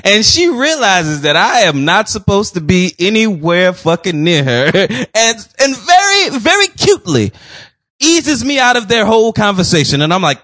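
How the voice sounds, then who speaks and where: Animated high-voiced man telling a story. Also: normal speed, dry recording, studio quality. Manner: animated, profane, acts out quotes in high voices, laughs often. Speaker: podcast co-host. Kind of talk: casual storytelling chat.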